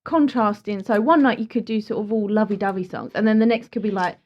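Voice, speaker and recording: A woman's voice: medium pitch, dull audio. A woman co-hosting a podcast, asking curious questions in casual chat. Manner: curious questions, quick backchannels. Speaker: podcast co-host.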